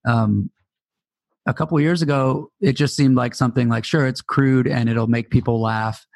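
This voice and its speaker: A man's voice: medium pitch, steady tone, normal speed, vocal fry, a little mellow, no room sound. A man in his forties, a podcast co-host chatting casually with a wry, laid-back manner. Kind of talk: casual chat.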